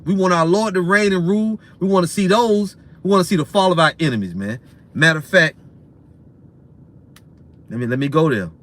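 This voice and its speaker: A man with a high voice delivers a ranting sermon. He is profane and repetitive, ends phrases with "man", and lurches between loud bursts and quieter stretches. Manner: profane, repetitive, swings in loudness and speed. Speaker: preacher.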